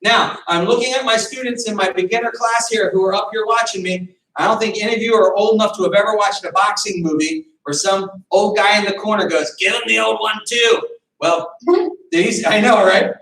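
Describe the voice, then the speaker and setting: Bright and forceful, this high-pitched male voice moves a little fast. He's a martial arts instructor teaching beginner boxing over video, barking counts and commands while coaching. The mic is distant and the room echoes.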